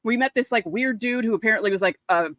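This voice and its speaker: Animated New woman telling stories. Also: on the high side, quick pace, dry recording. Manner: animated storyteller, acts out quotes. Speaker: podcast co-host. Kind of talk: casual chat.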